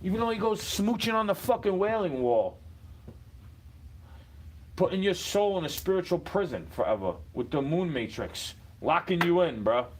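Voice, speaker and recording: Man ranting, somewhat high voice. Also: very animated, moderate pace. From United States. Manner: combative, swings from muttering to shouting. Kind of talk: profane ranting monologue.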